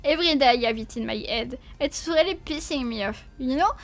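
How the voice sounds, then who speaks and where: Sleepy and yawning, a woman chats with her livestream audience in a goofy, playful manner, cursing frequently. Her voice is high-pitched and she talks fairly quickly.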